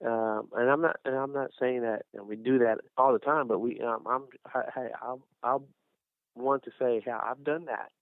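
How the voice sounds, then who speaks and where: A middle-aged man, a small business owner appearing as a guest, rambles through a casual faith testimony full of restarts and fillers. His medium-pitched voice keeps a steady tone at normal speed, and the dry recording sounds tinny, almost like a phone.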